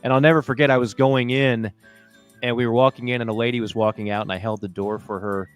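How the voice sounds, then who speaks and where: A man's voice: mid-range voice, fairly even intonation, fast talker, smooth. A chatty male co-host swaps stories on a casual radio show, with a mid-range voice. He speaks into a studio microphone while faint music plays underneath. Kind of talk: casual sports talk show chat.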